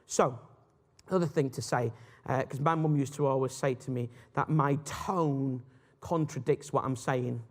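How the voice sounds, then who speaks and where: A man of medium pitch lectures on apologetics at a normal speed, with a long reverb tail on the recording. He talks in an easygoing, animated manner, often correcting himself as he goes.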